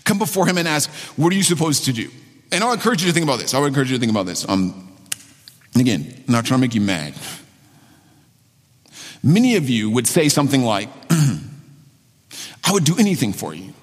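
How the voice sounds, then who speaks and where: A man's voice: medium pitch, very animated, fast talker, long pauses. Man preaching a sermon, earnest, keeps restarting his sentences, big echoey church sound. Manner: earnest, repeats phrases with many restarts. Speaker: pastor. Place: church sanctuary. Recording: long hall reverb.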